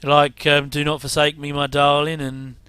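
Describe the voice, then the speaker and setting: A middle-aged man chats his way through an old episode, full of wry asides and quick chuckles. His voice sits a little high, bright and crisp. It is recorded dry and close. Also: completely flat delivery, no room sound. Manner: chatty, rambling asides, wry jokes and chuckles. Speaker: commentator reacting to an old TV episode. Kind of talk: casual watch-along commentary.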